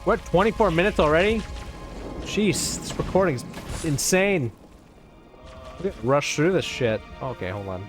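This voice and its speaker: A man hosting a let's play, giving rambling, casual gameplay commentary full of swearing and excitable outbursts. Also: a little high, normal speed, pauses often. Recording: game music in background.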